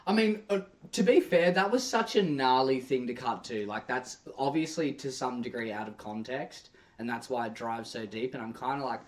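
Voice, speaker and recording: A man's voice: medium pitch, normal speed, hardly any pauses. An Australian man co-hosting a review show, talking bluntly and swearing in casual chat. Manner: blunt, profane, animated. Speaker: podcast co-host.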